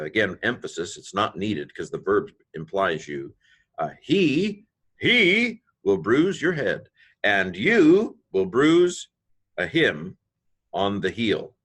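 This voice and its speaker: A man giving an informal grammar lecture, thinking aloud with many fillers and slowing down to stress key phrases. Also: low-pitched, a bit bright. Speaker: teacher.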